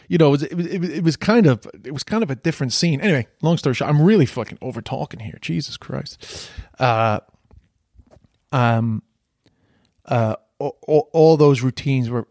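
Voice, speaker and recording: A man's voice: medium pitch, no echo, studio quality. A middle-aged Irish man, a comedian, telling stories in a casual, rambling way, often stopping to correct himself and swearing now and then. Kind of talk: casual storytelling.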